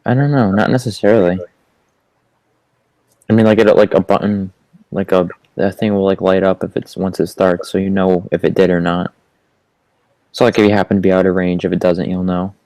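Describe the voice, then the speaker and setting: Low-voiced easygoing man, dry sound. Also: flat delivery, a little fast, pauses often, mellow, no echo, low-quality recording. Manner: easygoing, agreeable, frequent backchannels. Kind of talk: casual chat.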